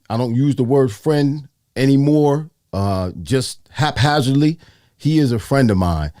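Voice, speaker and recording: An older man hosting a casual interview show, animated and repeating phrases for emphasis. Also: medium pitch, no room sound, clean studio sound. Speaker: host.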